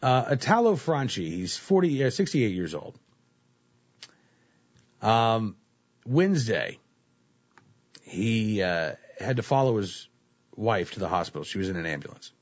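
A man's voice: fairly low pitch, a little slow, pauses often. A man hosting a casual talk show. He reads news stories aloud and uses many fillers like "uh, you know.". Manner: relaxed, filler-heavy, says "uh, you know" often. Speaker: host. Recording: dull lo-fi recording.

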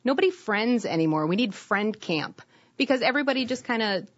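A woman with a Wisconsin accent chatting casually as a guest, playful and animated, laughing often. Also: a little high, a little fast. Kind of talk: casual chat. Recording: dull, muffled audio.

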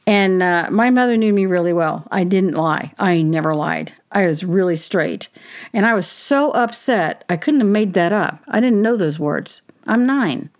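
A woman telling a personal childhood story in a lively, indignant conversational way, with wry asides. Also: fairly low pitch, normal speed. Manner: animated, indignant, with wry laughs and quoted voices.

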